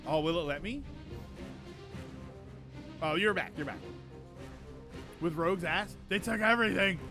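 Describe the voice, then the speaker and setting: A man's voice: high voice, measured pace, music in the background. A man streaming gameplay live, chatting and joking with viewers while reacting aloud to the game.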